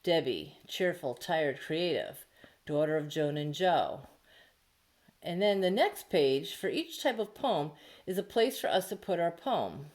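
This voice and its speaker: A woman teacher at home giving a remote lesson to children, explaining each step slowly and patiently. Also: deep voice, sing-song, a little mellow. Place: home, near the dining room.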